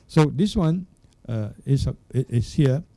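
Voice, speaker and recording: Older male monk, dharma talk, extremely dark and warm timbre, measured halting delivery. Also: medium pitch, lively intonation, vocal fry. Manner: unhurried, searching for words, checks in with "hmm?" and "yeah?". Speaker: Buddhist monk teacher. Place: Buddhist centre hall.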